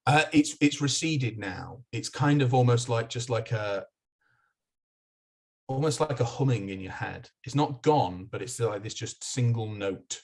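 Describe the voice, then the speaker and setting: A man narrating as game master of a tabletop game, halting and restarting as he describes the scene. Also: mid-range voice. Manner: halting, with many restarts and fillers while describing.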